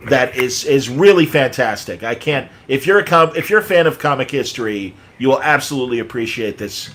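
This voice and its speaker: A man's voice: medium pitch, expressive, a little fast, fairly bright tone, slight background noise. A man hosting a casual interview, enthusiastic and encouraging toward his guest. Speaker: podcast host.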